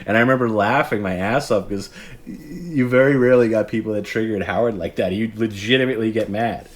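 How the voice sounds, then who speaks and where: A man in his forties with a low voice hosts a late-night livestream. He talks in a loose, meandering way, restarting his sentences and acting out remembered callers as he goes. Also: brisk. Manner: rambling, self-interrupting storyteller who acts out quoted callers. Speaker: stream host.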